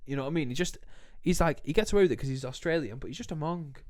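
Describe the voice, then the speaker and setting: A young man, co-hosting a casual football podcast, animated and quick, acting out quotes as he goes. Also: on the high side. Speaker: podcast co-host.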